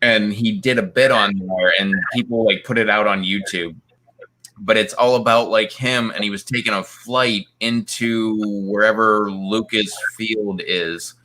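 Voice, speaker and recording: A man's voice: on the low side, fairly even intonation, unhurried, pushed and bright. A man in casual chat, retelling a long story in a rambling way, full of fillers and quoted voices. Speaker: co-host.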